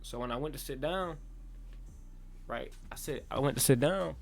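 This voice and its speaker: A man's voice: medium pitch, normal speed, creaky. A young man telling a casual storytime monologue on his channel, slangy and profane, talking in loose run-on bursts and checking in with the listener. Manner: talks in loose run-on bursts with many restarts. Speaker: vlogger.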